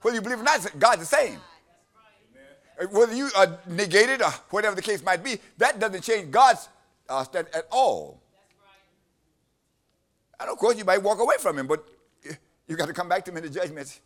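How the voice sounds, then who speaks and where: Male preacher, sermon delivery, emphatic, repeats himself; high and bright, swings widely in pitch. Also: animated, moderate pace, long pauses. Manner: emphatic, repeats phrases, call-and-response with the reader.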